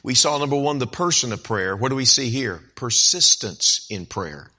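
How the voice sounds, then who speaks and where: A man's voice: medium pitch, expressive, moderate pace, pushed and bright. A man preaching a sermon, telling a story animatedly and acting out its characters with big swings in voice. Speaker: pastor.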